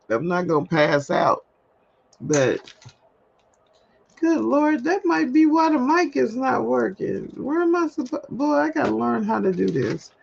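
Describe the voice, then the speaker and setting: A woman's voice: medium pitch, creaky, a little mellow, a little hiss or hum. A woman hosting a solo livestream, talking candidly and chattily to her viewers and laughing at herself, recorded at home. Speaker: livestream host. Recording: dull lo-fi livestream audio.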